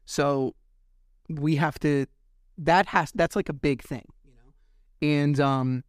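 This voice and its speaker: A man's voice: fairly high pitch, takes it slowly, dry recording, studio quality. Sarcastic man telling a story. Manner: sarcastic, animated retelling; swears casually. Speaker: podcast host. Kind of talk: casual storytelling recap.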